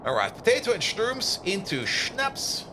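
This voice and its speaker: A man's voice: high-pitched, huge pitch swings, unhurried, noisy background. A young man, a native German speaker with a German accent, chatting casually with his viewers while playing a game on a live stream. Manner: chatty, answers chat, hums and laughs while playing.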